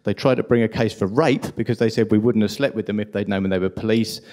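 A man with a strong London accent giving an impassioned, indignant conference talk at a rapid pace. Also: on the low side, fairly even intonation, darkish tone. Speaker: conference speaker.

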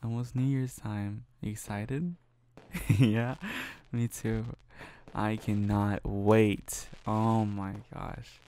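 Slow, gravelly young man, whispered role-play. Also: fairly low pitch, slight background noise. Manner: soft, affectionate, laughs often. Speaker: ASMR boyfriend role-play creator.

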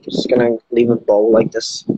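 A man's voice: mid-range voice, monotone, normal speed, warm tone, breathy edge, no room sound. A man chatting casually with fans on a phone livestream, teasing and joking with the odd swear word. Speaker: livestream host. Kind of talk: casual live-stream chat with fans.

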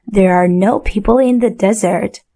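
A woman voicing a calm, wise desert snake in a storybook read for learners. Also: mid-range voice, normal speed, lightly acted.

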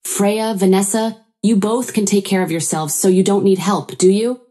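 Lady reading a calm blunt housekeeper, no nonsense, steady. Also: medium pitch, moderate pace, lightly acted. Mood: sarcastic. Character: firm blunt female housekeeper.

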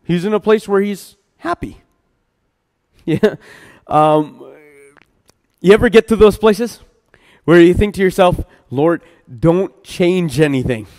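A man's voice: sits high, slow pace, pauses often, a little mellow. A man preaching a casual midweek sermon, chatting with the congregation, stumbling over his words and laughing at himself. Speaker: pastor. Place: church hall. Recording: long hall reverb.

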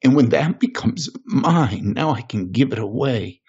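A man as a podcast guest, giving an earnest, emotional personal testimony and slowing down on the weighty moments. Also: mid-range voice, expressive, darkish tone, breathy edge. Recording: muffled lo-fi recording.

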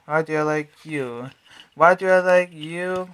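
A man's voice: high-pitched, measured pace, a bit bright, slight background noise. A young man singing a sassy, taunting pop track, repeating lines in stuttering loops. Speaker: singer. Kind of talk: sung pop track with spoken-sung verses.

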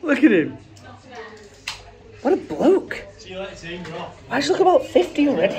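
A man's voice: extremely high pitch, wildly swooping pitch, measured pace, pauses often, a little mellow, a faint crowd. A young man, vlogging casually with family and joking around playfully. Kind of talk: casual vlog chat.

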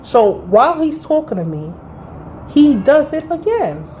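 A woman of thirty vlogging a casual storytime indoors by a window, blunt and profane, telling it with animated energy. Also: sits high, a little slow, highs cut off, a little hiss or hum.

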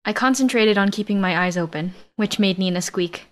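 A woman narrating a science-fiction romance audiobook in first person, in a medium-pitched voice. Her reading is steady and even, carrying the action without fuss. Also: a little fast, hardly any pauses.

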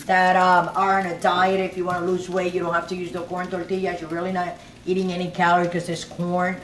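A woman's voice: lowish voice, completely flat delivery, a little fast, slight background noise. Chatty middle-aged woman cooking at home. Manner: chatty, rambling, keeps asking "you know what I'm saying?". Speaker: cooking show host. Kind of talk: casual cooking demonstration. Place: home kitchen.

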